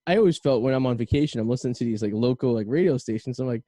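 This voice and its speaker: A man with a Boston accent hosts a casual podcast chat. He rambles fast, with a dark, mellow tone and plenty of fillers. His voice sounds dry and close to the mic. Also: mid-range voice, no echo. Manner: rambling, storytelling, frequent fillers. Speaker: podcast host.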